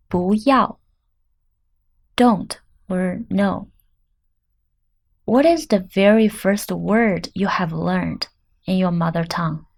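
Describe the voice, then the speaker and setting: A woman teaching beginner Chinese, repeating each word slowly and clearly for the learner. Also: medium pitch, darkish tone. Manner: clear, deliberate pronunciation drills. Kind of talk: slow language lesson.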